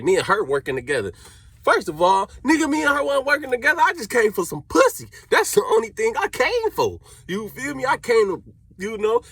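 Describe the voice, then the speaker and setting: Here a young man from Cleveland animatedly recounts a story in casual slang and acts out the dialogue. His voice is a little high and slightly rough, recorded without echo.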